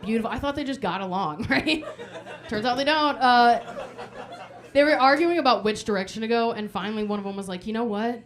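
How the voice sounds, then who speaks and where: A thirty-year-old woman comedian performing a brash, animated stand-up set, swearing freely and acting out quotes, on a club stage with a handheld mic. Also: on the high side, a little fast. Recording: live club with crowd laughter and noise. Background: audience laughing.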